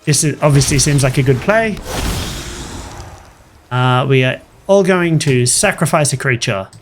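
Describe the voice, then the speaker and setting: A man's voice: medium pitch, measured pace, soft background music. A man hosting a gaming channel, casually commenting on his matches and telling stories from work. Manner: chatty, animated anecdote-telling over gameplay.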